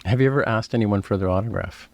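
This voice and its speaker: A man hosting a podcast interview, asking quick questions and reacting briefly. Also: fairly low pitch. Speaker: podcast host.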